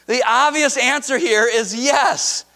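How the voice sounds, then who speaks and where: A man preaching a sermon to his congregation, emphatic and animated, mixing scripture reading with casual asides. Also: very high voice, takes it slowly. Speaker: pastor.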